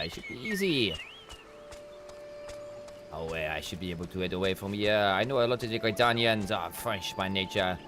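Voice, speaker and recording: Brief: male game streamer, casual rambling commentary, very animated intonation. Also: low voice. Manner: rambling, chatty, self-interrupting. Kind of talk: let's play commentary.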